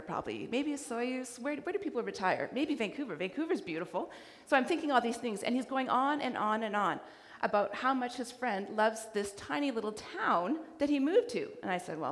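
A Canadian woman giving a sermon, telling a story and acting out the voices of people she met. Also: on the high side. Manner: animated storyteller acting out dialogue. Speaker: guest preacher. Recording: hall reverb.

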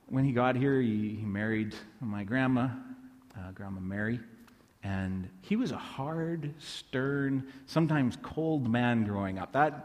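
A man's voice: lowish voice, in a large hall. A man preaching a sermon as a pastor, telling stories in a loose, conversational way with fillers and restarts.

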